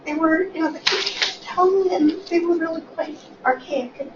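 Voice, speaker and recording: In a classroom or meeting room, a woman in her sixties serves as department chair and facilitator for a small-group class discussion. Her voice is extremely high-pitched and hoarse from coughing, and she talks at a moderate pace in a chatty, self-deprecating manner, repeatedly putting questions to the group. She sits far from the mic, and the lo-fi recording is echoey, with background noise in the room.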